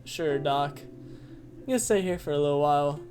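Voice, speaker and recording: A streamer voicing a friendly young brother character in a game, reading softly. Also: mid-range voice, normal speed, soft background music, lightly acted.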